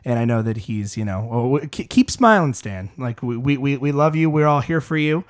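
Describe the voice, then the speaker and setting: A male podcast host talks in a loose, rambling way, piling up ums and uhs and restarting his thoughts as he goes. His voice sits at an ordinary middle pitch. It sounds like relaxed, unscripted chat among friends. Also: a little fast. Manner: rambling, many fillers and restarts.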